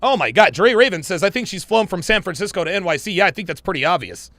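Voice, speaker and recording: A man hosts a casual reaction podcast, blunt and profane, hammering points home by repeating himself. His voice is gravelly and sharply bright. The sound is dry and close to the mic. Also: high voice, animated, fast, no room sound. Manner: blunt, profane, emphatic repetition. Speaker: podcast host reacting to clips.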